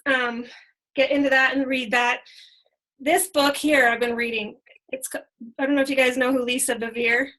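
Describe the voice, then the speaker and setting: Bright, high-voiced excited woman. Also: low-quality recording. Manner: excited, chatty, full of fillers. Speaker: team leader. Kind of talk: casual team training talk.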